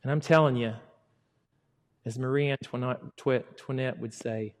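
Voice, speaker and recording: A middle-aged man preaching a sermon, acting out quoted words and swinging between loud emphasis and hushed asides. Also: mid-range voice, steady tone, normal speed, long pauses. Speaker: pastor. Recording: long hall reverb.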